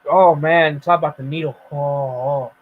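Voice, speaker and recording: A man with a fairly high voice tells stories on a casual stream chat, exclaiming and acting out each moment. His voice comes through a muffled, lo-fi voice-chat line. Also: moderate pace, slight background noise. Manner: animated storyteller, exclaims and acts out scenes. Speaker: streamer host.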